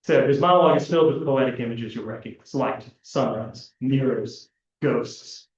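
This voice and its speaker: A man's voice: medium pitch, normal speed. Man presenting a paper in an echoey hall. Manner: reads prepared analysis, occasional fillers and restarts. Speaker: conference panelist. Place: large lecture hall. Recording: echoey hall, distant, dull lo-fi.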